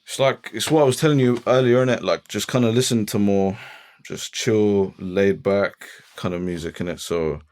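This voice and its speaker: A man's voice: on the low side, moderate pace, few pauses, darkish tone. A young man co-hosting a studio podcast, talking in a laid-back, agreeable way. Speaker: podcast co-host. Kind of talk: casual chat.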